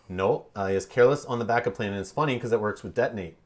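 Man, low-pitched, board game stream host, casual, explains rules, jokes around. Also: rapid-fire, a little mellow. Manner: chatty, explains rules, jokes and laughs with players.

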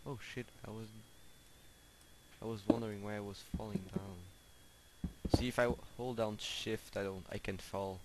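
A man's voice: fairly low pitch, flat delivery, moderate pace, pauses often. A man casually commenting on his own gameplay, chatty and easily exasperated, coaxing the animals he meets. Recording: home recording with clear background noise and clicks.

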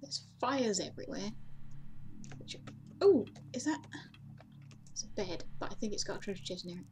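Woman commentating a game, self-mocking, middle pitch, faint keyboard noise. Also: animated, moderate pace, darkish tone. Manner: chatty, self-mocking, bursts into high exclamations. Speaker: let's play host. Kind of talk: casual gameplay commentary.

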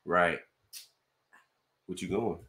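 A man's voice: deep voice, steady tone, drawn-out words, sharp tone. A man co-hosting a casual reaction chat, playful and teasing as he gives his verdicts. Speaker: co-host reacting to videos.

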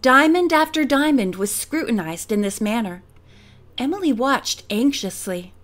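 High-voiced woman reading an audiobook. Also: expressive, unhurried, fairly bright tone. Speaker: audiobook narrator.

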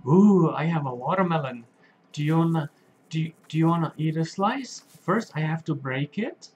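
A game streamer for kids narrates his gameplay gently for young children, speaking slowly and simply and asking them questions as he plays. His voice is on the high side and animated, with a darkish tone, cut-off highs, and slight background noise.

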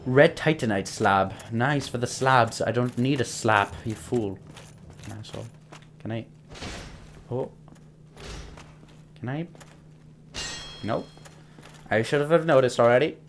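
A young man chats through a video game in a loose, rambling way, cracking jokes and muttering curses at whatever attacks him. His voice sits at an ordinary middle pitch, and a faint room hum stays under it. It sounds like a desk mic. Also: slow pace, pauses often. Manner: rambling, jokey, mutters and swears at enemies. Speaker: gameplay commentator. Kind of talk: casual let's-play commentary.

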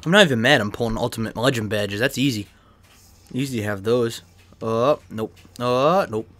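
Excitable young man opening game packs. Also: mid-range voice, moderate pace. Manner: excitable, swears freely, talks to himself while opening packs. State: coughing, throat irritated. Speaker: gaming YouTuber opening card packs. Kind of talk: casual pack-opening commentary. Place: his bedroom.

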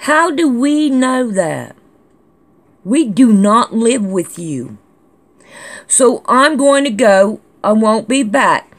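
A woman's voice: on the high side, sing-song, slow pace. A woman hosting a casual vlog, reading out viewer comments in a chatty, scolding, drawling way. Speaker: channel host reading comments.

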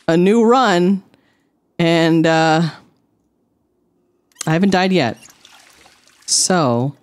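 Woman streamer, low voice, slow drawl, rambling deadpan gameplay chatter. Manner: rambling, deadpan jokes to chat. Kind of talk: casual gameplay commentary.

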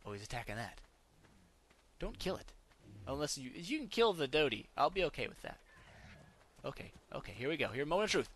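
A man's voice: fairly high pitch, sing-song, brisk, long pauses, a bit bright, a little hiss or hum. A man giving casual, jokey let's-play commentary on a survival game, breaking into panicky outbursts. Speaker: gaming YouTuber.

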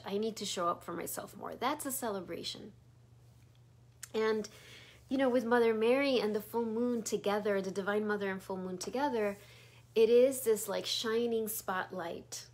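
A middle-aged woman giving a meandering spiritual talk as a teacher, sometimes dropping into a near whisper. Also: medium pitch. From Chicago area. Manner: soft, meandering, drops to a whisper at times.

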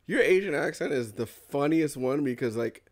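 A man's voice: fairly high pitch, lively intonation, normal speed. A man co-hosting a podcast, joking and chatty in casual banter. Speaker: podcast co-host.

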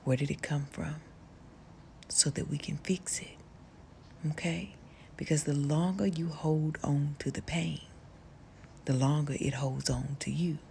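A middle-aged woman giving a gentle, affectionate motivational talk to the camera, soft-spoken and often dropping to a whisper, with folksy phrasing and endearments like honey and baby. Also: low-pitched, fairly even intonation, unhurried, creaky, long pauses, slight background noise. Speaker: social media personality.

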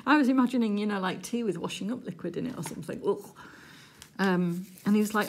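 A middle-aged woman from England chatting casually to viewers while she crafts, giggly and easily excited. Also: mid-range voice, fairly quick, a little hiss or hum. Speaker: crafting vlogger.

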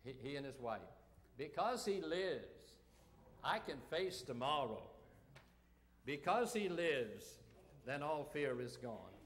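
A man preaching an Easter sermon as pastor, slow and deliberate, rising to loud call-and-response shouts. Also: on the high side, very animated, a little hiss or hum. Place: church sanctuary. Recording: long reverb of a church sanctuary.

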